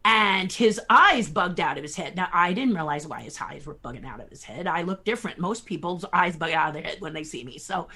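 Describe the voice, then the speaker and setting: A woman in her sixties, a guest puppeteer telling lively stories in a podcast interview, chuckling as she talks. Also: fairly low pitch, brisk, few pauses, husky. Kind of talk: anecdotal storytelling in a podcast interview.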